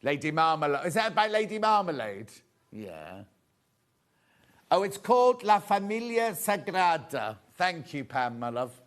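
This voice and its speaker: Chatty man, higher-pitched voice. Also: sing-song, a little slow, a bit bright. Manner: chatty, cheerful, chats with crew off camera. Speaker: shopping channel presenter. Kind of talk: live on-air sales patter. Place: TV studio.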